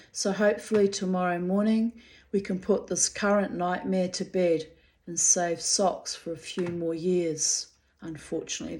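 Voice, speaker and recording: A woman's voice: fairly low pitch, a little mellow. A woman with a New Zealand accent, reading out messages and adding blunt, bitter, profane commentary. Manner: bitter, blunt, swears freely. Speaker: pet owner recounting a dispute.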